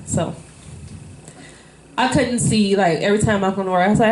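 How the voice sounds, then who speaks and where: A woman's voice: medium pitch, normal speed, long pauses, a little mellow, slight background noise. A woman in a casual interview, telling a personal story candidly and emotionally, with many fillers. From Illinois. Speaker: interviewee, wife. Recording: echoey room.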